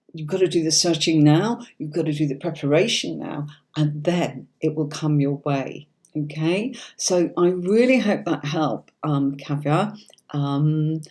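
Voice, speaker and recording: Mellow-voiced British woman reading tarot live. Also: low voice. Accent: neutral standard British. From Yorkshire, England. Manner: chatty and reassuring, often checking in with "okay?". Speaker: tarot reader and livestream host.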